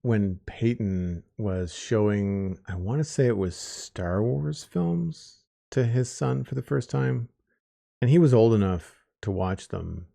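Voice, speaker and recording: A man's voice: lowish voice, lively intonation, takes it slowly, creaky, warm tone. A man hosting a podcast roundtable, chatting casually and rambling with lots of restarts. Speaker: podcast host.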